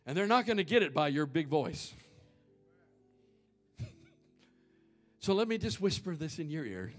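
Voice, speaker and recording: A middle-aged man preaching a sermon, dropping to hushed near-whispers and rising to shouts. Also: fairly high pitch, lively intonation, moderate pace, long pauses, faint music behind. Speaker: pastor.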